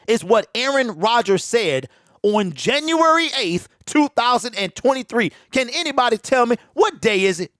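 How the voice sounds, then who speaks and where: A man with a high voice delivers a fired-up, opinionated solo sports commentary, animated and preachy, addressing viewers directly in loose slang. He records on a home desk mic that pops, yet the sound is studio quality with no room sound.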